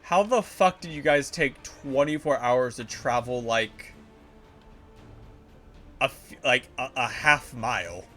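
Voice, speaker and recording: A man streaming a game live, reacting excitedly and swearing often. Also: medium pitch, slow pace, soft background music. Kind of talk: live gameplay commentary.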